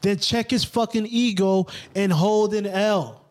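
Animated man ranting on a podcast. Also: sits high, unhurried. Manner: animated, joking, preachy rants. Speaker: podcast co-host. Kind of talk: casual profane podcast chat.

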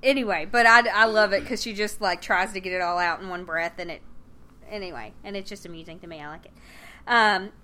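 A woman's voice: medium pitch, brisk, sharp tone. A woman co-hosting a casual podcast, chatting and laughing as she recaps a sitcom episode and acts out the characters' lines. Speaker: podcast co-host.

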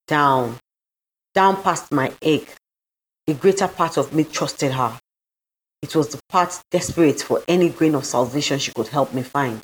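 A woman reading a first-person short story aloud in a measured, grave way. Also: low voice, low-quality recording. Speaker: audiobook narrator.

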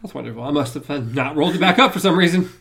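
A man's voice: on the high side, animated, very fast, gravelly, a bit bright. A man in casual conversation, hesitant and wry in delivery. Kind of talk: casual chat.

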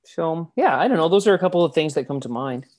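A man's voice: a little high, expressive, quick pace, a little mellow. Reflective man, rambling. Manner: reflective, rambling, many fillers and restarts. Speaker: interview guest. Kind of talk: casual interview about faith.

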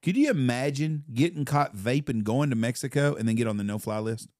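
Brash, fast-talking man. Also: medium pitch, a little mellow, no echo, clean studio sound. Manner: brash, profane, fast storytelling. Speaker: podcast host. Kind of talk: casual chat, storytelling.

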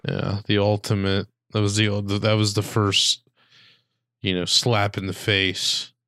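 A man's voice: completely flat delivery, unhurried, bright, forceful tone, dry recording, studio quality. A man hosting a casual comedy podcast, joking with friends and slipping into silly impressions. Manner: jokey, slips into high-pitched impressions.

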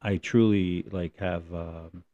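A man's voice: low voice, takes it slowly, lo-fi sound. A man co-hosting a podcast, chatting casually and telling rambling stories. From New Jersey. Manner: rambling, animated storytelling with mimicked voices. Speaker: podcast co-host. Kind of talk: casual chat.

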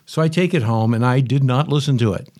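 A middle-aged man with a slightly husky voice, telling a personal story as a podcast host and repeating key phrases. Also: mid-range voice, a little fast, darkish tone.

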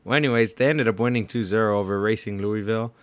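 A man's voice: lowish voice, steady tone, fast, no room sound. A man co-hosting a podcast in casual sports chat, laid-back, saying dude and bro a lot and stumbling over names. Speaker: podcast co-host.

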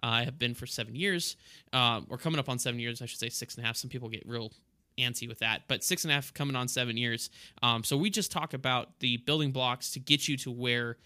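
A man with a bright, edgy tone talks through aviation terms on a casual podcast. He explains patiently and laughs easily. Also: medium pitch, fairly even intonation, fast talker. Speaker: co-host, airline pilot.

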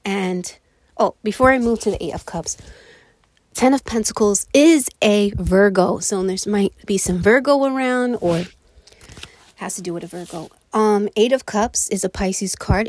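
A woman's voice: medium pitch, normal speed, a little mellow, no room sound. A woman hosting an online radio show, giving a casual tarot reading in a chatty way, a little out of breath. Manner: chatty, with fillers like "you know" and "um".

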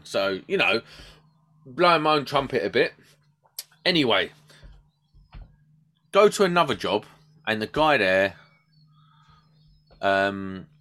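Electrician guy on a podcast, bright voice, pitch jumping all over as he tells stories. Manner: animated storytelling, swears casually. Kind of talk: casual podcast chat.

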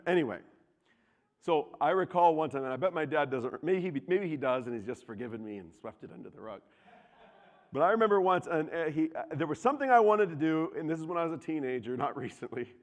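A young adult man preaching a sermon, telling stories with animated swings from loud outbursts to hushed asides, in a church. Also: on the high side. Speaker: pastor. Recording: long hall reverb.

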